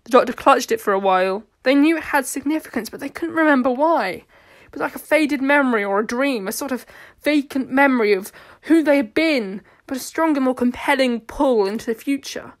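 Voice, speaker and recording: Woman, narrator, storytelling reading, steady, earnest, slightly high voice. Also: fairly quick.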